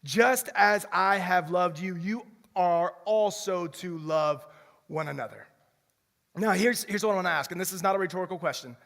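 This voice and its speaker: A young man preaching a lively sermon as pastor, often repeating words as he restarts a sentence. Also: sits high, moderate pace, gravelly. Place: church sanctuary. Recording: long reverb of a church hall.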